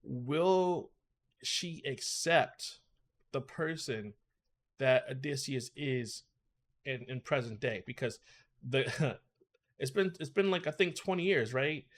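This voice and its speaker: A man's voice: medium pitch, animated, slow, long pauses. Chatty man hosting a reaction video. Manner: chatty, laughs often, repeats "my people". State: growing nervous excitement. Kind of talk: casual reaction commentary.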